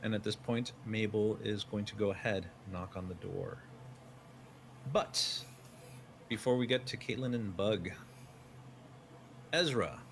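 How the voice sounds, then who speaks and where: A man's voice: fairly low pitch, a little slow, creaky, long pauses, slight background noise. A man narrating as game master, describing the scene in second person with many fillers.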